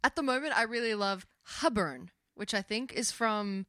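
Bright, playful young woman co-host. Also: mid-range voice, normal speed, dry recording, clean studio sound. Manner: playful, swears casually. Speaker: podcast co-host. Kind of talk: casual chat.

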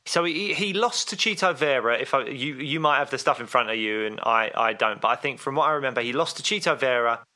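A man's voice: medium pitch, fairly quick, hardly any pauses, bright, forceful tone. A man co-hosting a sports podcast in casual chat, rambling with fillers and restarts. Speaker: podcast co-host.

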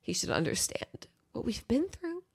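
A young woman chatting casually as a podcast guest, animated and swearing freely, sometimes dropping into soft cooing whispers. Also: fairly high pitch, moderate pace, vocal fry, breathy edge. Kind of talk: casual chat.

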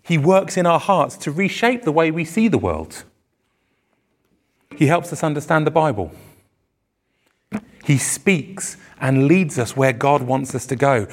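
A man delivers a sermon in a church venue, his voice gravelly with fry. His preaching is earnest and emphatic, rising on the words he wants to land. He speaks into a microphone for a live congregation. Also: mid-range voice. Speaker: pastor.

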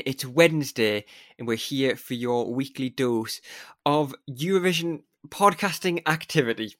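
An upbeat Geordie man from Newcastle chatting as a podcast co-host. His lines come in quick, jokey bursts. The voice sits at a middle pitch and sounds close and dry, with no room around it. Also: fairly bright tone, no echo. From Newcastle upon Tyne, England. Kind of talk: casual podcast chat.

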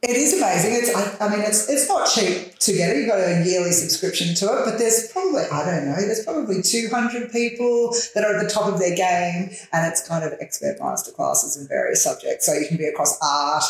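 A woman's voice: on the low side, sing-song, brisk, hardly any pauses. A woman with an Australian accent, a guest chatting enthusiastically in an interview, often restarting her sentences. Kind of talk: casual interview chat. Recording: echoey room.

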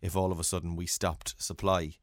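A man's voice: sits low, flat delivery, a little fast, no room sound, studio quality. An Irish man co-hosting a casual chat, teasing and often restarting his sentences. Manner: chatty, stumbling restarts, teasing. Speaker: podcast co-host.

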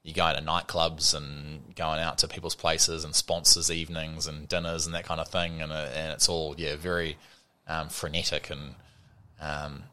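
Here a cricketer in his thirties with a New Zealand accent talks at normal speed in a very deep, sharp voice with a level tone. It's a casual interview chat where he's the guest, and he rambles, leaning on "you know" and "sort of" and doing impressions of people in his anecdotes.

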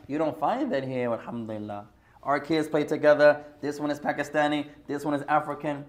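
A man's voice: fairly high pitch, steady tone, brisk. A man giving an earnest religious class in a mosque, speaking to the congregation as brothers and mixing in Arabic phrases. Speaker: mosque teacher.

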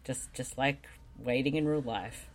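A woman co-hosting a casual movie commentary chat, dry and teasing, quick to crack up. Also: rumbling low. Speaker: co-host.

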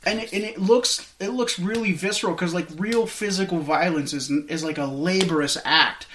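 A man's voice: high-pitched, moderate pace. A man casually talking through a film scene with lots of fillers and restarts. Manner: rambling, animated retelling with many fillers. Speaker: podcast co-host. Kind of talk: casual movie discussion.

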